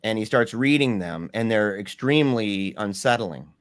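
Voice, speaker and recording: A man's voice: fairly low pitch, lively intonation, moderate pace, dry recording, clean studio sound. Earnest man telling a personal story. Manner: informal, slangy, says "bro" and "man"; earnest, emphatic retelling of a personal ordeal. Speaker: guest. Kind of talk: casual first-person storytelling in an interview.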